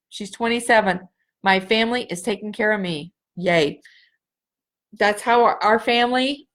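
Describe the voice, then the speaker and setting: A middle-aged woman hosting a live spiritual healing session, speaking slowly and earnestly and repeating phrases for emphasis. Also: a little high. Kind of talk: live energy-healing reading for viewers.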